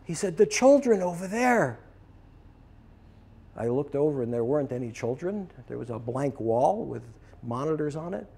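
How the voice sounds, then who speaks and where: A man's voice: medium pitch, lively intonation, fairly quick, gravelly, warm tone, husky. A man teaching process work, telling a story as a lecture and acting out both sides of the dialogue.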